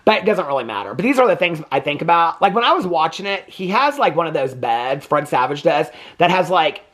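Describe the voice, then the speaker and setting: Male reviewer in his fifties, chatty and digressive, with a very animated voice. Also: fairly high pitch, brisk. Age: 50s. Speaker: movie reviewer. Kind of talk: casual chat.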